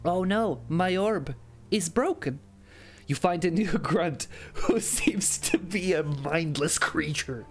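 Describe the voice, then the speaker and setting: A man plays through an AI role-play game, reading the text out and reacting with frequent laughs and curses. He talks slowly, and his pitch swings widely across a sentence. Faint music sits quietly behind him. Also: lively intonation. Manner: quieter, softer delivery later on. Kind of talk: casual let's play commentary.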